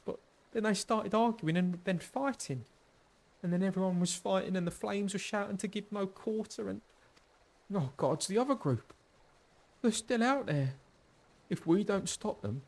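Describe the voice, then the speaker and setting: A terrified refugee man tells his story in a raised, shaky voice, voiced by a man reading game dialogue. He stammers and rushes, caught between fear and guilt. He sounds pitched well above an ordinary man. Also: darkish tone. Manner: stammering, fearful.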